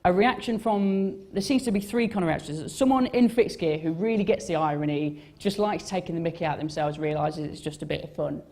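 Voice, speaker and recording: A man's voice: fairly high pitch, a little fast, few pauses, darkish tone. A young man gives a casual talk about his design work on stage. He rambles and mocks himself, with many fillers and restarts. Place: on stage at a live event.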